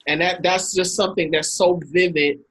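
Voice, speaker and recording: Woman host with a husky, breathy edge, chatting casually on a video call and acting out her stories. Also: on the low side, moderate pace, low-quality recording. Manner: animated anecdotes, acts out quotes with laughs. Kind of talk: casual storytelling talk.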